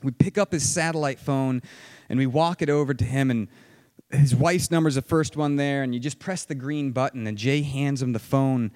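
A young man telling a dramatic personal story, vivid and excited, acting out shouted quotes. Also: mid-range voice, moderate pace, no room sound. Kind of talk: personal story told to an audience.

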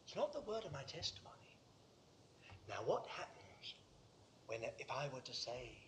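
A man preaching a sermon to a congregation in a room, fervent, swinging from hushed asides to loud declarations. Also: medium pitch, sing-song, moderate pace, long pauses, a little hiss or hum.

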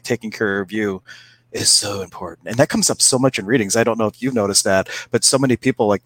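Low-voiced man, chatty storyteller. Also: fairly bright tone. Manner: chatty storyteller, laughs while telling anecdotes. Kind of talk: casual chat.

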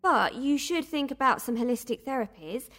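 An actress playing an unflappable spa worker with a dry, new-agey manner in an audio drama. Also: female voice, high-pitched, expressive, moderate pace, fairly bright tone. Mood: airy. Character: calm, sardonic spiritual spa worker woman. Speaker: spa employee.

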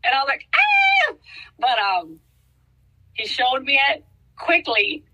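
A middle-aged woman, a hairstylist, is interviewed casually and speaks in stop-start bursts, frequently restarting and quoting reactions vividly. Her voice is high-pitched and the audio sounds dull.

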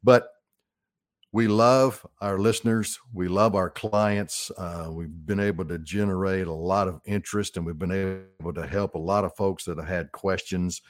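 A man's voice: on the low side, a little mellow, no echo, studio quality. A middle-aged man with an Arkansas Southern accent, hosting a radio financial talk show in a folksy, upbeat way.

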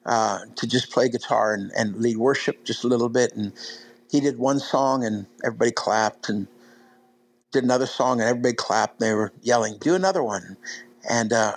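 A man's voice: medium pitch, low-quality recording. A big man preaching, telling stories conversationally with many fillers and restarts. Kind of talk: sermon storytelling.

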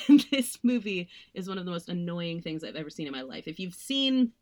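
A woman's voice: lowish voice, expressive, brisk. A young woman co-hosting a podcast, chatting casually about films, with lots of "like" fillers and some sarcastic mocking. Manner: chatty, frequent "like" fillers, sarcastic mock voices. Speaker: podcast co-host. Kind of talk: casual film review chat.

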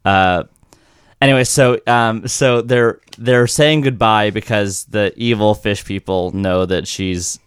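A man in casual comedic conversation, rambling through stories and acting out quoted lines with animated swings. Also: lowish voice, slow, clear, resonant tone, no echo, clean studio sound.

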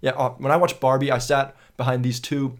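A young Danish man with a Danish accent, co-hosting a film podcast and telling stories in a casual, animated way with casual swearing. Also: medium pitch, brisk. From Denmark. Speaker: podcast co-host. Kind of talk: casual film review chat.

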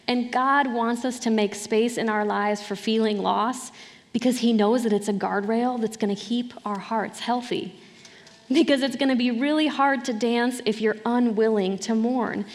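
Woman, sermon, conversational, higher voice, long hall reverb. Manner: conversational, often asks "right?". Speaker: preacher.

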